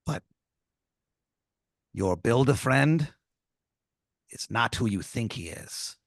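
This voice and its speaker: A man's voice: mid-range voice, animated, dry recording, studio quality. A man doing a growling pirate tomato. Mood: conspiratorial. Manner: growly pirate talk, drawn-out. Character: gruff male pirate tomato, scheming.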